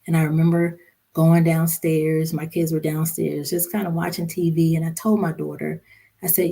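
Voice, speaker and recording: A woman podcast guest recounting a painful family memory in a somber, halting way, with many fillers. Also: low-pitched, flat delivery, vocal fry, mellow. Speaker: podcast guest, social worker and mother. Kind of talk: personal storytelling in a podcast interview.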